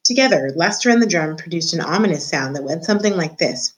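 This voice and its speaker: A woman teacher reads a children's book aloud in a slightly low voice. She tells the story in a clear, expressive, measured way. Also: low-quality recording.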